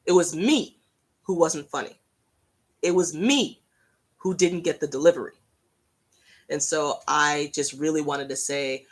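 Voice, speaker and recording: A fan hosting a casual livestream, telling a rambling, self-mocking story in an animated way. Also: mid-range voice, unhurried, pauses often.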